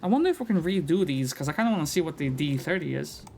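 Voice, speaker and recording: A man streaming a game live, reading its text aloud and reacting in a casual, excitable way. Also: fairly high pitch, fast, gravelly. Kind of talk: live gameplay commentary.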